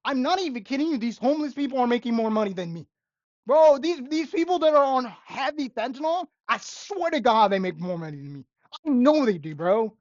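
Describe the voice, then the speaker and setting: A woman's voice: on the high side, animated, fairly quick, darkish tone, no room sound. A young woman, a restaurant busser, ranting in a vlog monologue with sarcastic exasperation and repeated phrases. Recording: dull, lo-fi and dry.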